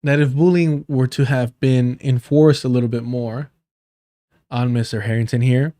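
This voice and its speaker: Brief: male streamer, mellow tone, dry close sound, swears and jokes while reading aloud. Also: medium pitch, steady tone, moderate pace, no echo. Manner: profane, joking asides between reading. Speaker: livestream host. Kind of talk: casual livestream commentary, reading an article aloud.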